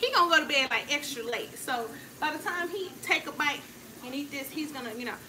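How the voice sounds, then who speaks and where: A woman runs a cooking vlog, chatting playfully and talking right to her viewers while cooking in her home kitchen. She has a high voice and speaks fairly quickly, and the home recording is noisy.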